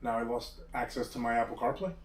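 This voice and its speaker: A man's voice: medium pitch, level tone, quick pace. Male host, rambling casual talker, sits back from the mic in a roomy space. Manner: rambling, hesitant, restarts often. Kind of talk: casual chat. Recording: roomy echo, distant mic, faint background hum.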